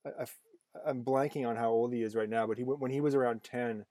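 A man's voice: medium pitch, fairly even intonation, fast talker, a little mellow, dry recording. A man hosting a podcast in casual conversation, rambling with lots of fillers and restarts. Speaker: podcast host.

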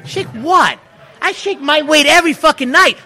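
Brash high-voiced male wrestler. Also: expressive, moderate pace, bright, forceful tone. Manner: cocky, brash. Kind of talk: boastful post-match promo.

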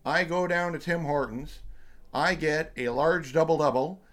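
A man's voice: a little high, measured pace, a bit bright. A man in his thirties hosting a podcast, chatting casually with lots of ums and uhs and the odd swear. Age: 30s. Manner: rambling, profane, many fillers. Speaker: podcast host. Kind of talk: casual chat.

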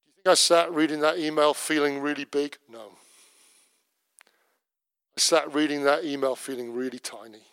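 A man preaching a sermon, telling a story in a lively way and slowing to a soft voice when he prays. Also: a little high, clean tone, no room sound. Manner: lively storyteller who drops to a soft, slow voice for prayer.

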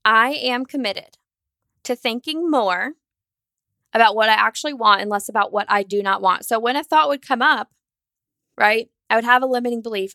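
A fired-up woman talks straight into the mic on her solo podcast, quick and candid, swearing now and then. Her voice sits a bit high, and the sound is dry and close. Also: pushed and bright, dry recording. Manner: acts out her own anxious inner voice. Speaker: podcast host.

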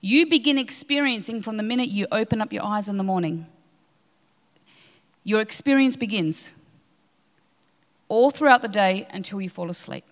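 A woman's voice: mid-range voice, moderate pace, pauses often. A woman preaching a sermon with passion, repeating key lines for emphasis. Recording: long hall reverb.

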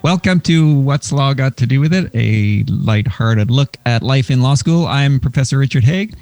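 A man's voice: mid-range voice, expressive, normal speed, a little mellow, faint music behind. A man hosting a casual podcast as a law professor, joking and laughing often.

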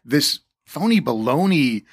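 A man's voice: on the high side, sing-song, a little slow, slightly rough. A man co-hosting a casual podcast, ranting and mocking with lots of swearing. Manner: profane, mocking rants. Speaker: podcast co-host.

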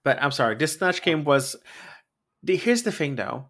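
A man's voice: fairly high pitch, very animated, moderate pace, fairly bright tone. A man co-hosting a podcast in casual chat, sassy and blunt, with slangy phrasing. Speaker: podcast co-host.

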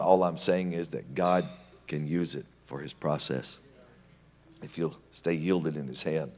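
Deep-voiced male preacher in a reverberant hall. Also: normal speed. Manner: animated storytelling, swings between loud and hushed. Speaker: pastor. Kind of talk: sermon.

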